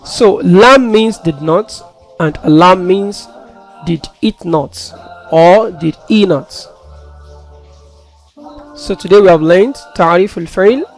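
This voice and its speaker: A man's voice: sits high, a little slow, long pauses, faint music behind. A man teaching a grammar lesson, steadily explaining each term and then translating it.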